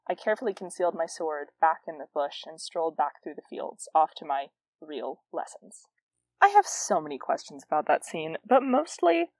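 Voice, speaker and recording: Brief: woman host, low-ish voice, casual self-deprecating commentary, dead-dry close mic. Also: no echo. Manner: self-mocking, laughing, lively asides. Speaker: podcast host reading her teen novel. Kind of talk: reading aloud and casual commentary.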